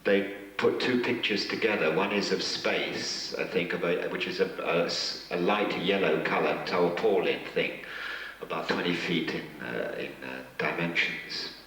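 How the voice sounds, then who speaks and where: A man's voice: deep voice, measured pace, fairly bright tone. A man, a guest actor at a fan convention, telling rambling, joking anecdotes with chuckles during a Q&A. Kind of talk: convention Q&A storytelling. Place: hotel function room. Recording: echoey hall from far off.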